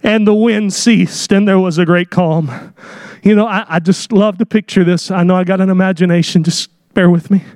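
Shouting high-voiced man preaching a sermon. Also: fairly even intonation, normal speed, no echo, studio quality. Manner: swings from hushed whispers to shouted high climaxes.

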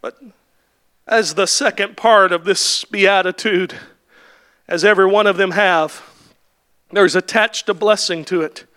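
A male preacher delivering a sermon, swelling into shouted, repeated refrains and then dropping back to quiet, questioning speech. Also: high-pitched, fairly even intonation, a little slow, long pauses, smooth. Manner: builds to impassioned shouted climaxes, then drops to quiet.

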